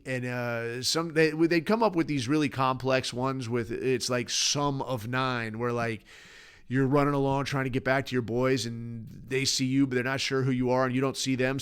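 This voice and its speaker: A man's voice: medium pitch, fairly bright tone, clean tone. Rambling, profane podcast-host man. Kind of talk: casual solo rant.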